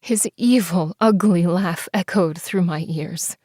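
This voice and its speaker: A woman narrating a first-person romance audiobook, expressive and sometimes dropping to soft whispers. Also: lowish voice, slow pace, no echo, clean studio sound. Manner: expressive, breathless in tense scenes, shifts into soft whispers.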